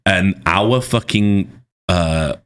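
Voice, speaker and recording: A low-voiced man, a journalist guest, trading laid-back, profane anecdotes in a casual chat. His deep voice stays easygoing as he tells them. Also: drawn-out words, fairly bright tone, smooth.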